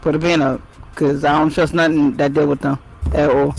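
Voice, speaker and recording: A man's voice: a little high, flat delivery, moderate pace, gravelly, a little hiss or hum. A man co-hosting a casual livestream, teasing and sarcastic, laughing often. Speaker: co-host.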